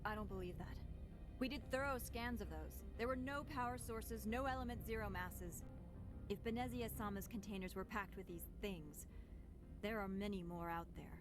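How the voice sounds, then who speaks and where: Woman voicing a stern game official, mid pitch, clipped, demanding, game music behind. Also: normal speed, natural voice, poor audio. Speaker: game character. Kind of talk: video game voice acting.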